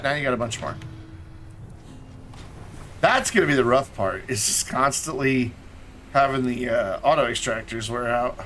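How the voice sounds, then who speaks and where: Long pauses break up this man's moderate-paced live game commentary; his voice is mid-range and a bit bright, with slight background noise. He chats casually while playing, talking to himself and to what's on screen, mumbling and repeating himself as he thinks aloud.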